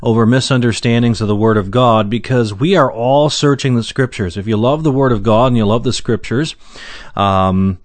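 A man in a middle voice teaches the Bible verse by verse, earnest and measured. He slows down to stress quoted lines and often pauses on fillers. The sound is close and dry, with no room echo. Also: medium pitch.

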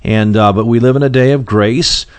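A man's voice: mid-range voice, steady tone, normal speed, no room sound. Man preacher, conversational Bible teaching, plain-spoken with lots of "uh"s and restarts, dry close sound.

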